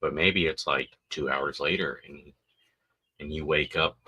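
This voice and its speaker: A man's voice: rumbling low, fairly even intonation, measured pace, sharp tone, breathy edge. A man hosting a podcast, rambling crudely and jokingly, often acting out silly voices. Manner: crude, joking, acts out voices of babies and parents. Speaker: podcast host. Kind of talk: casual rambling monologue.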